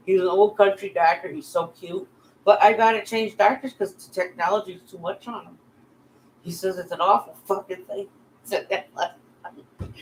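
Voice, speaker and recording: A middle-aged woman vlogger with a lowish voice launches into an angry, profane rant straight to camera, addressing her critics and bullies directly. The recording is rough, with slight background noise.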